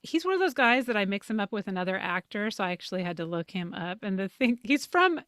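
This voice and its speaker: A woman's voice: medium pitch, sing-song, fast, fairly bright tone, dry recording. Chatty woman podcast co-host, dry sound. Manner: chatty, laughing, self-correcting. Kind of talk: casual chat.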